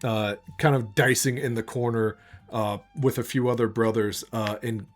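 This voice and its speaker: A man narrating a tabletop game as game master, relaxed and halting with many fillers. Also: medium pitch, soft background music.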